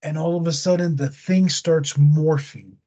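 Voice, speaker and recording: A man hosting a casual podcast, slangy and animated as he retells a movie plot. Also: fairly high pitch, a little slow, muffled recording. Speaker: podcast host.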